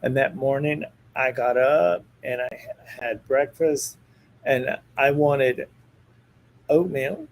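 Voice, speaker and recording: A man's voice: mid-range voice, takes it slowly, gravelly, slight background noise, low-quality recording. A man, a psychic medium, telling a story in casual chat and acting out the lines of the people in it. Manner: animated storyteller who acts out quoted dialogue.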